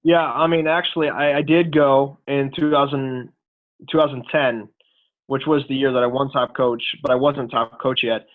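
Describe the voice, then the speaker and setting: A man's voice: medium pitch, fairly even intonation, normal speed. A man in his thirties talks over a tinny phone line, earnest and casual, full of "you know" fillers. He shares his story as a coach on a team call. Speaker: guest speaker, fitness coach. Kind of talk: motivational talk on a team call.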